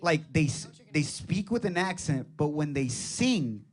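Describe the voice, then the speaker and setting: A man's voice: on the high side, sing-song, a little slow. A male radio host whose first language is Spanish, chatting casually with a guest in an enthusiastic, rambling way. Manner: enthusiastic, rambling with many restarts. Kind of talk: casual radio interview chat.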